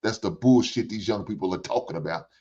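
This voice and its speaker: A man's voice: fairly low pitch, brisk, darkish tone, husky. An older man hosts a reaction show, ranting bluntly with lots of profanity and preaching in repeated phrases. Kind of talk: ranting commentary. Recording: dull lo-fi recording.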